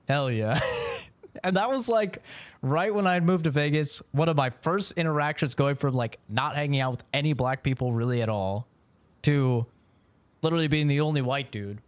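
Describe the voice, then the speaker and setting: A man's voice: on the high side, normal speed, smooth, no room sound. A man streaming live from home, telling rambling stories in casual chat and swearing often. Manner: loose, rambling storytelling with frequent swearing.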